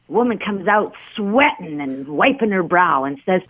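A woman's voice: fairly low pitch, lively intonation, brisk, slightly rough, no echo. A woman calling in to a radio show, chatty and rambling as she tells a joke. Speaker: caller. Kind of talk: phone-in joke telling. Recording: tinny phone line.

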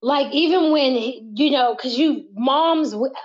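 A young woman talks candidly and casually as an interview guest, laughing easily and swearing without a second thought. Her voice sits a little high. The audio is dull and muffled. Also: unhurried. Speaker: guest, model and mother.

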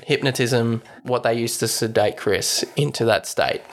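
A man's voice: mid-range voice, measured pace. A man co-hosting a podcast, recapping a movie in casual chat, swearing freely and acting out the characters' lines. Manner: swearing, animated retelling with acted-out quotes. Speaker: podcast co-host.

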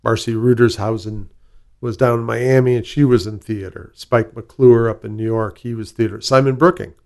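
A man's voice: mid-range voice, steady tone, normal speed, darkish tone. A man with a Chicago accent, a guest in an interview, who tells rambling stories full of fillers and restarts. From southwest side of Chicago. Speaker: guest, whisky ambassador. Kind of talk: casual interview storytelling.

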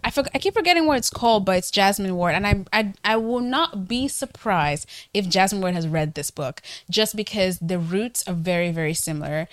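Woman, book podcast co-host, casual chat, animated, laughs a lot, dry close sound. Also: medium pitch, brisk, hardly any pauses, no echo. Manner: animated, laughs often, trails off and restarts.

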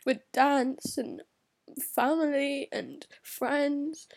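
Teenage girl, high gravelly voice, tearful, rambling, half-whispered confessional vlog. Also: steady tone, unhurried, long pauses, a little mellow. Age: teens. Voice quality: gravelly fry, often drops to a whisper. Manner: rambling, upset, venting in broken phrases. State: crying. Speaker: vlogger.

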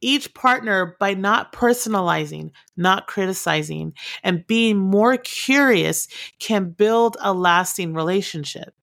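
A woman's voice: mid-range voice, measured pace, creaky, fairly bright tone. A woman giving direct, earnest relationship advice and repeating her key points for emphasis. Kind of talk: advice talk to camera.

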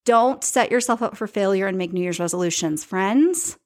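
A woman's voice: mid-range voice, moderate pace. Chatty emphatic woman podcast host. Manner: emphatic and chatty, repeats key points; addresses live viewers directly. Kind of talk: casual solo podcast monologue.

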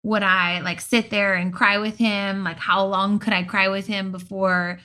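A woman's voice: medium pitch, measured pace. A middle-aged woman, a mother, telling a family story in casual talk and acting out what people said. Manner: animated storyteller, acts out quotes. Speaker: mother and podcast co-host.

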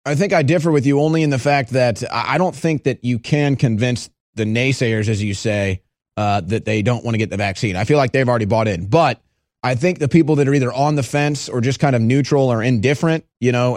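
A man hosting a call-in radio show, taking callers and breaking into animated mocking impressions. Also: quick pace, no room sound, studio quality. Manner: animated, jumps into high mocking voices for impressions. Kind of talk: talk radio host taking calls.

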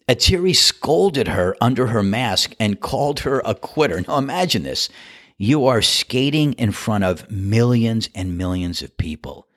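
Emphatic low-voiced middle-aged man. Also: very animated, moderate pace, a bit bright, no room sound, clean studio sound. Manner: emphatic, indignant, swinging pitch for emphasis. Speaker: podcast host. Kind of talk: opinionated sports commentary.

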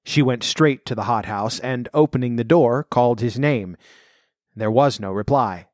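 A man narrating a classic story in an audiobook reading, measured and slowing in tense passages. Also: medium pitch, no room sound, studio quality.

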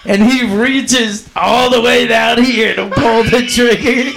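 A man's voice: extremely high pitch, fairly even intonation, slow pace, vocal fry, a bit bright, slight background noise. Crude, laughing young man telling a story. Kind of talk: casual storytelling.

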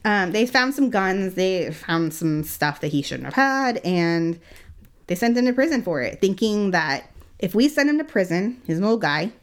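A woman telling a true-crime story in casual chat, animated, laughing often and acting out quotes. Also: mid-range voice, moderate pace. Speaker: guest storyteller.

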